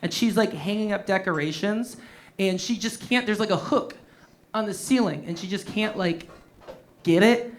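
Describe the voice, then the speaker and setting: Headlining a stand-up set on a club stage, a man with a high-pitched voice speaks at normal speed into a handheld mic. He swears freely and laughs through his own punchlines.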